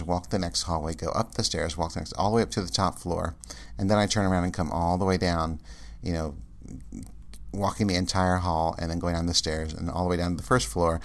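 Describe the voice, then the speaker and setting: A man rambling casually in a monologue, with many fillers and restarts, and ranting in exasperation. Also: low voice.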